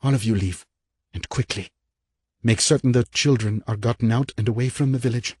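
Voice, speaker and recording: A man voicing a cold, commanding female cult leader who speaks in a hushed, menacing tone. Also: medium pitch, brisk, slightly rough, no room sound, voice pushed up, lightly acted.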